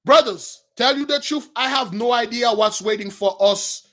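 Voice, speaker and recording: A man with a high voice preaches informally to a gathering he calls brothers. He retells stories loosely, with plenty of fillers and restarts along the way. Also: moderate pace, fairly bright tone. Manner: addresses listeners as brothers, many fillers and restarts. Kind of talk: informal sermon retelling a story.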